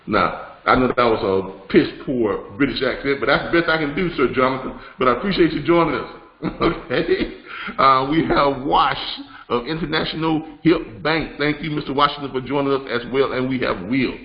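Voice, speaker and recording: A man hosts a live online broadcast in a chatty, rambling manner, full of fillers and false starts. His voice sits at an ordinary pitch. The sound is roomy and a little dull. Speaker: host of a live business broadcast. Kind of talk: live-stream teaching and announcements.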